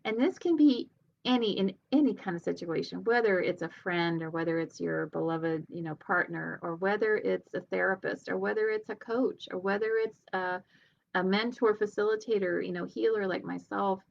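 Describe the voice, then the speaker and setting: Woman healer type talking motivation, gravelly fry, kinda dull lo-fi sound. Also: mid-range voice, steady tone, moderate pace. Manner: earnest, conversational, laughs lightly. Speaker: healer and leadership coach. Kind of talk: motivational talk.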